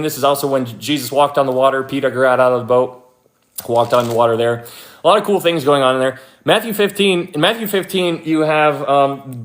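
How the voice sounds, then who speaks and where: A young man with a fairly high voice walks through scripture in an easygoing, chatty way. He leans on fillers and restarts, then livens up as he plays out everyday scenes. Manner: informal, many fillers like "like" and "you know", animated when acting out scenes. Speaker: Bible teacher. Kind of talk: casual Bible study talk.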